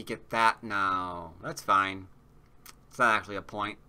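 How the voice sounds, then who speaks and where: A man's voice: on the low side, fairly even intonation, measured pace, sharp tone, clear, resonant tone. A man giving casual commentary while playing a board game online, chatty and muttering to himself, sometimes humming as he thinks.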